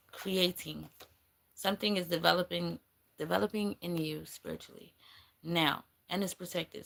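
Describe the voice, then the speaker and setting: A woman's voice: lowish voice, vocal fry. A woman giving a rambling, blunt spiritual reading on a livestream, swearing casually as she goes. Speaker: spiritual reader.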